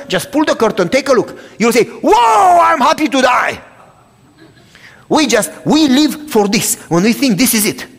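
Heard with a long reverb tail, a high-voiced male preacher from Romania gives a sermon laced with personal testimony. His Romanian accent colors a dramatic style that shifts from loud outbursts to hushed telling.

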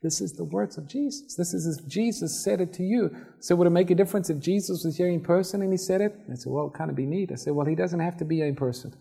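Male preacher, relaxed storytelling sermon delivery, acts out scenes. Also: high voice, fast, creaky, hardly any pauses, husky. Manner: conversational, acts out Bible scenes.

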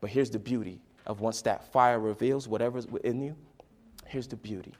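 A man preaching a sermon, swinging between quiet, intimate lines and loud, dramatic bursts as he acts out a story. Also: medium pitch, fairly even intonation, normal speed. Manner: dramatic swings from soft to loud, acting out voices.

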